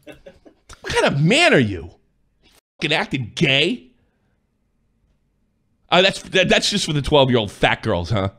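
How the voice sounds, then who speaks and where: Pissed off guy ranting and swearing, highish voice, bright. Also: huge pitch swings, measured pace, pauses often. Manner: angry, profane, accusing, sometimes shouting. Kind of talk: heated rant.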